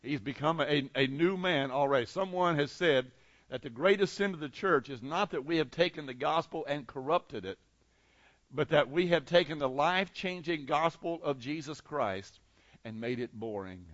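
High-pitched preacher guy, passionate, loud then quiet, dry dull-sounding recording. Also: normal speed, dry recording. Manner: impassioned preaching with dramatic swings in volume. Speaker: pastor. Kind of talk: sermon.

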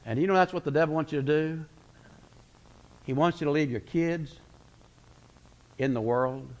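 A man preaching a sermon, folksy and storytelling, slowing down for emphasis then speeding up. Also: on the high side, highs cut off. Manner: folksy storytelling preacher, pace swinging slow and fast.

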